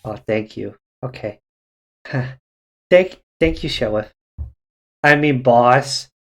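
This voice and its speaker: A man's voice: medium pitch, takes it slowly, fairly bright tone. A man voicing an earnest young deputy who is eager to please.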